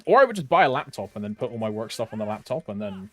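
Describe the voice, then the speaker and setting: A man's voice: mid-range voice, sing-song, quick pace. A young man from Britain, chatting casually on a game stream, rambling with lots of fillers and humming to himself. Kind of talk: casual live-stream chat.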